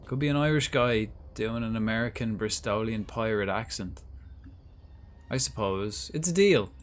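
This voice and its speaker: A man's voice: on the low side, steady tone, moderate pace, a little hiss or hum. A man livestreaming a video game, chatting casually and rambling as he thinks aloud. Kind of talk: casual gameplay commentary.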